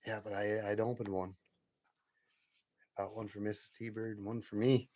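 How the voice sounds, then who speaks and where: A man's voice: lowish voice, little pitch movement, moderate pace, darkish tone. A man hosting a late-night live stream from home, chatting casually with viewers in a rambling way and often chuckling.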